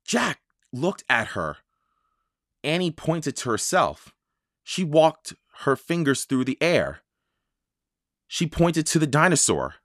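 Children's audiobook narrator, slow, expressive, bright, dry close sound. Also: medium pitch, dry recording. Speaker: audiobook reader.

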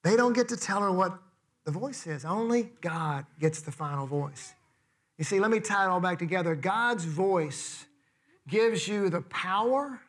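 A man's voice: sits high, a bit bright. A man preaching a sermon in a conversational way, asking the congregation rhetorical questions. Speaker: pastor.

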